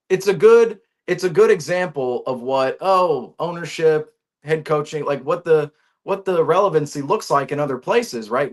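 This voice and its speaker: A man hosting a sports talk show, giving his opinions in a casual, ranting way, full of restarts and rhetorical questions. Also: high voice. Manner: animated, ranting, many restarts and rhetorical "right?". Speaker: sports podcast host.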